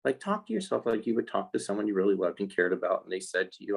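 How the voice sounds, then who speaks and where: A man who is a life skills coach for kids, talking in a casual podcast interview. He explains in an animated way and acts out the voices he quotes. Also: on the low side, fast, gravelly, rough recording.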